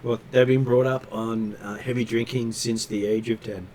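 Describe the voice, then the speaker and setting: A man narrating a tabletop game as game master, pausing often on fillers as he describes scenes. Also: medium pitch, fairly even intonation, darkish tone, slight background noise. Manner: hesitant, filler-heavy narration.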